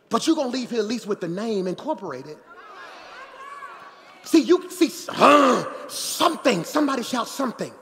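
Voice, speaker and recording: High-voiced preaching man, hall reverb. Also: normal speed, gravelly. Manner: animated preaching with crowd call-outs and jokes. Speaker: pastor. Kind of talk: sermon. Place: church sanctuary. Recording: long church hall reverb.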